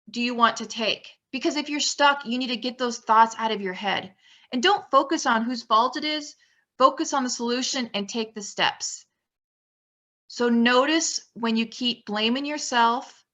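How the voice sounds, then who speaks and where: A woman's voice: a little high, bright, forceful tone, muffled recording. A woman coaching weight loss, talking through slides in an emphatic, repetitive, motivational way. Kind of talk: slide presentation lesson.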